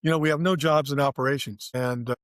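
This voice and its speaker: A man's voice: medium pitch, fairly even intonation, fast talker, no echo, studio quality. An older man, a former theme park designer, telling his career story in an interview and acting out the dialogue as he goes. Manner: vivid storyteller, acts out quoted dialogue.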